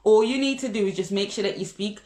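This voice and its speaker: A woman's voice: mid-range voice, fast, darkish tone. A Jamaican woman vlogging casual, direct advice to viewers, calling them guys. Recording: echoey room.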